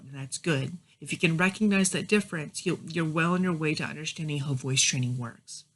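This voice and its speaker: A woman's voice: sits low, fairly quick, few pauses, poor audio. Woman coaching voice placement by phone. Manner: instructive, demonstrates voice placements as she talks. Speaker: voice training guide. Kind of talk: spoken tutorial recorded on a phone.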